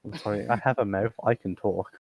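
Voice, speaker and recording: A man co-hosting a casual podcast, making dry, deadpan remarks from his notes. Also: fairly low pitch, a little fast, creaky, breathy edge. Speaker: podcast co-host. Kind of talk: casual chat.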